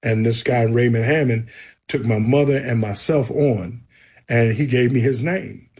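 A man's voice: medium pitch, measured pace, darkish tone, breathy edge. A man, a guest, earnestly telling his personal faith testimony in a conversation. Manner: storytelling, earnest and emphatic.

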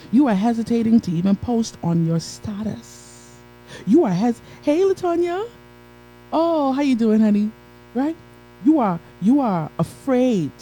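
A woman's voice: a little high, warm tone, a little hiss or hum, poor audio. A woman giving an emphatic motivational talk on a live stream, repeating key phrases and greeting viewers by name.

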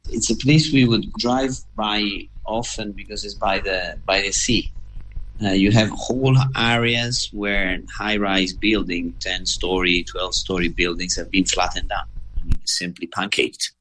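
A man answering interview questions as an aid official, halting with fillers and restarts. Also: lowish voice, steady tone, a bit bright, low-quality recording.

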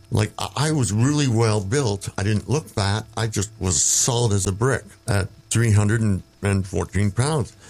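A man's voice: lowish voice, a little mellow. An older man, telling rambling stories as an interview guest, with chuckles and restarts. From Canada. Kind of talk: casual storytelling interview.

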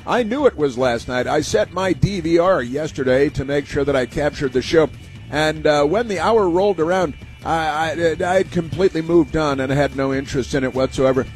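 A man's voice: a little high, normal speed, soft background music. A man hosting a political talk radio show, rambling through long monologues full of "uh" fillers and sarcastic asides. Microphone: studio microphone.

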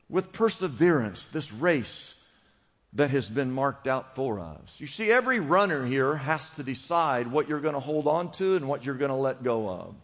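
A man preaching a sermon as pastor, urging his listeners on with repeated exhortations. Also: a little high. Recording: long hall reverb.

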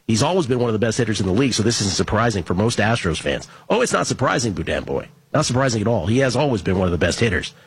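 A man's voice: lowish voice, very animated, husky, no echo. Wry man hosting a sports betting show. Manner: wry, joking, reads names and stats quickly. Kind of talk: casual chat, reading listener tweets and an ad read.

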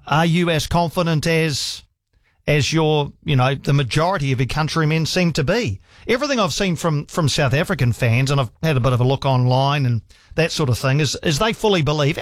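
A man's voice: a little high, no room sound. A man with a New Zealand accent hosting a talkback radio show, chatting casually with callers and reading out listener emails. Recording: dry studio sound with faint music.

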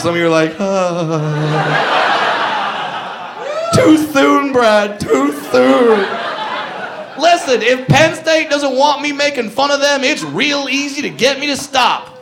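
A man's voice: very high-pitched, normal speed, vocal fry, very noisy. A man doing a stand-up comedy set, brash and profane with mock indignation, recorded live in a comedy club on a handheld mic.

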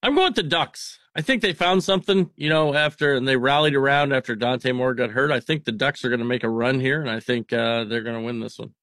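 A man's voice: mid-range voice, a little fast, few pauses, a bit bright, no echo, clean studio sound. A man co-hosting a sports radio show, making casual game picks with an easy laugh. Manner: laughs easily, joking. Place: radio studio.

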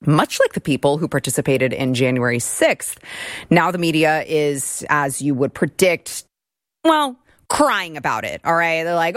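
A woman's voice: low voice, sing-song, normal speed, no echo, clean studio sound. A woman hosting a political talk show, sarcastic and mocking as she mimics others. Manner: sarcastic, mocking, puts on voices to imitate others. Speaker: show host.

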